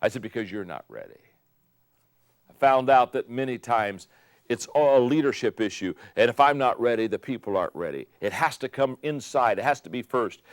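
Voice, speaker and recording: An older man giving an emphatic motivational talk on leadership, repeating key phrases and building to loud peaks. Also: mid-range voice, normal speed, no room sound, studio quality. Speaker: speaker on leadership.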